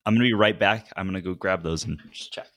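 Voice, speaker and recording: A man's voice: deep voice, fast, fairly bright tone. A man co-hosting a podcast in casual, offhand banter, chuckling as he talks. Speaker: podcast co-host.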